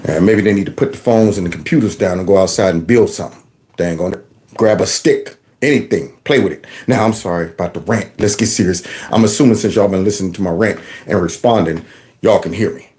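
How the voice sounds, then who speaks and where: A man's voice: low-pitched, a little fast. A man, a former teacher, hosting his own channel in a casual, folksy rant that slips into acted-out voices. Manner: animated, folksy, acts out voices. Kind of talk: casual ranting video commentary.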